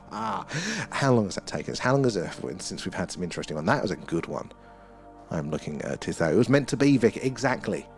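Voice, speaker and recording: A man hosting a night-time live stream outdoors, rambling excitedly and chatting with viewers. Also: fairly low pitch. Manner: excitable, rambling, talks to chat viewers by name. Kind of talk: live-stream chat and sky-watch commentary.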